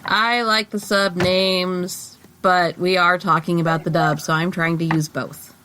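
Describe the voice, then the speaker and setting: A woman in her young adult years or thirties co-hosts a casual fan podcast. She talks slowly and unhurriedly, often restarting her sentences, and a faint hiss of noise sits under her voice. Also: on the low side, level tone. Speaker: podcast co-host.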